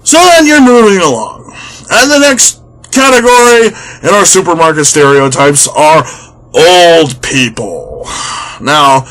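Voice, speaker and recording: Young male vlogger, fairly high voice, exasperated comedic rant. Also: lively intonation, measured pace, fairly bright tone. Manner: exasperated, sarcastic, swears freely.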